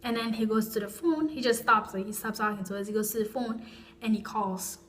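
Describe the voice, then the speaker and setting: A woman's voice: on the high side, brisk, fairly bright tone, a little hiss or hum. A young woman vlogger telling a personal story in a casual, rambling way, with frequent restarts and asides.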